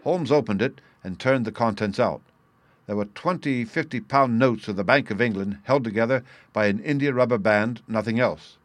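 A man's voice: medium pitch, normal speed, no echo. Man narrating a story, dry close sound. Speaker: audiobook narrator. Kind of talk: scripted narration.

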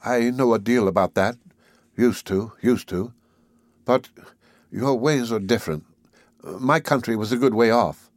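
Man reading a shy, lonely weaver: hesitant, soft-spoken, low, plain middle voice, dry close sound. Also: unhurried, pauses often, dry recording, lightly acted. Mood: timid. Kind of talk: audiobook character voice.

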